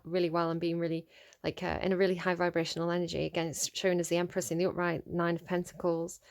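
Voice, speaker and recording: A tarot reader with a voice on the low side gives a casual spoken reading, chatty and animated, filling it with fillers and mild swearing as she scolds the cards.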